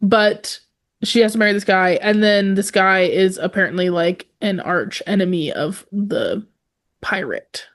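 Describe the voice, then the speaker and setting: A woman's voice: medium pitch, normal speed. A young woman co-hosting a podcast, chatting casually about a book with lots of laughs and fillers. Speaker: podcast co-host.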